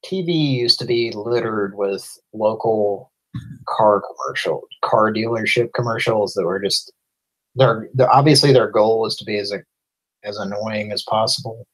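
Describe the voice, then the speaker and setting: A man co-hosting a live prank show, making wry, animated remarks in casual chat. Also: on the low side, measured pace, poor audio.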